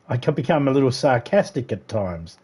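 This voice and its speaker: A man's voice: mid-range voice, expressive, unhurried, darkish tone, slightly rough. An Australian man on a livestream telling rambling stories in a profane, sarcastic, casual way. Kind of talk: casual storytelling chat.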